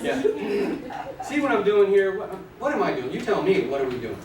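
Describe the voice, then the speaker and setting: A man teaching a live class of real estate agents, playful and energetic, acting out little scenes and quizzing the audience. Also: high-pitched, fairly quick, a loud crowd. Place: training room with an audience. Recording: echoey room, distant mic, noisy.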